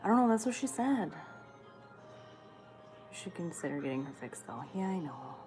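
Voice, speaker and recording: A woman's voice: fairly low pitch, sing-song, normal speed, over music. A woman hosting a livestream who reads viewer comments aloud and answers them in blunt, chatty talk, swearing freely. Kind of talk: casual chat.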